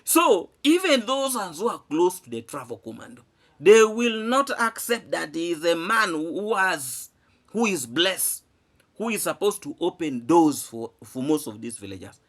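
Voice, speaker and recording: Animated man, lively rhetorical vlogger. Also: on the high side, unhurried. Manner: emphatic, repeats phrases, asks rhetorical questions. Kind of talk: animated commentary to camera.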